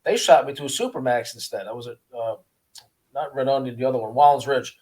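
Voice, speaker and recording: A man, a former prisoner, telling his story in a casual interview with an earnest, halting manner, often repeating words. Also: medium pitch, darkish tone. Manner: earnest, repeats words, acts out guards' voices.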